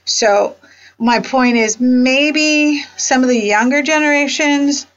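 A woman's voice: high-pitched, takes it slowly, fairly bright tone, a little hiss or hum. A middle-aged woman hosting a faith-based talk, explaining with everyday analogies in an earnest, counseling manner and closing in prayer. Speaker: podcast host, counselor. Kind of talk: casual faith-based discussion. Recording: dull lo-fi sound.

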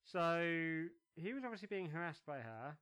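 A man's voice: fairly high pitch, very animated, normal speed, fairly bright tone, clear, resonant tone. Teasing podcast co-host, man. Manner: jokey, teasing, laughs often. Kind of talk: casual chat.

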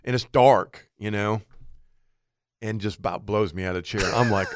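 A man's voice: fairly low pitch, brisk, no echo. A man co-hosting an outdoor radio show, telling a hunting story and acting out his own thoughts in a studio.

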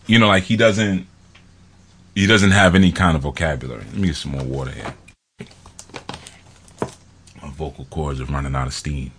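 A man's voice: rumbling low, moderate pace, pauses often, a bit bright, slight background noise. A man talking in a rambling, casual monologue, laughing often and acting out quotes from films.

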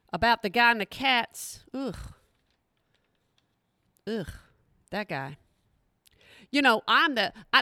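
A woman hosting a podcast alone, talking in a chatty, animated way with folksy slang, addressing her listeners directly. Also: fairly high pitch, dry recording, clean studio sound. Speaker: podcast host. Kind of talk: casual podcast monologue.

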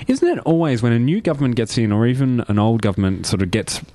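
A man's voice: mid-range voice, animated, fast, mellow, no echo. A man co-hosting a casual podcast chat, hesitant and full of restarts. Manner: hesitant, with many restarts and fillers. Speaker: podcast co-host.

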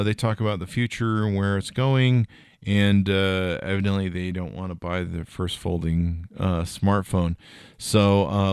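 Low-voiced rambling male podcast host. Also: a little mellow, clean tone, dry recording, studio quality. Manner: rambling, jokey asides with many fillers. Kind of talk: casual tech news talk.

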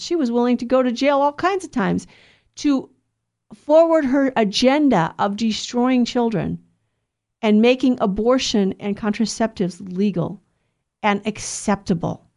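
A woman's voice: on the high side, a little mellow. Earnest middle-aged woman preaching. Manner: earnest, conversational preaching with restarts. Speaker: Catholic speaker. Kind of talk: spoken religious talk.

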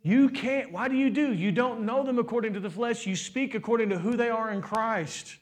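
A young adult man preaching a sermon, asking the congregation questions and building to loud, emphatic shouts. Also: very high-pitched, moderate pace. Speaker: pastor.

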